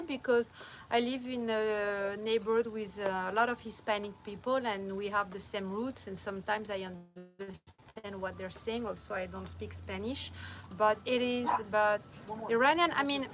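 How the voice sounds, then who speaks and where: Chatting casually with her livestream viewers and laughing often, a middle-aged French vlogger speaks with a strong accent at night from a van or home. Her medium-pitched voice is steady, a bit bright, and moderately paced. Using only a phone or camera and no mic, she gets poor audio with a little hiss or hum.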